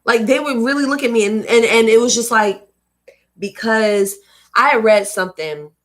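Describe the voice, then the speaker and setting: A woman's voice: fairly high pitch, normal speed. A woman from North Carolina with a light Southern accent, reading a book aloud on her livestream and breaking off into blunt, swearing asides. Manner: chatty, blunt, swears freely in digressions.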